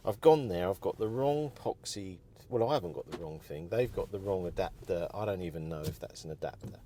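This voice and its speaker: A man's voice: low-pitched, expressive, a little fast, few pauses, warm tone, a little hiss or hum. Frustrated man venting while driving. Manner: frustrated, venting and muttering to himself. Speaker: car vlogger. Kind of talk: exasperated driving vlog. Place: in a car.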